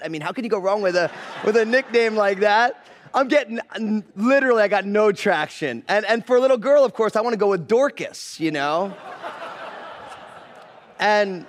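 A man in his thirties from the US East Coast, preaching as a guest pastor in a joking, animated storytelling manner. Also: high-pitched, moderate pace. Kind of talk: sermon.

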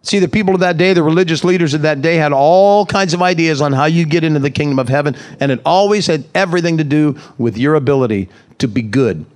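A man preaching a conversational sermon at a church service. His voice sits a touch high for a man, and he keeps turning to the congregation with questions as he explains the text. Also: fast, few pauses, darkish tone. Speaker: pastor.

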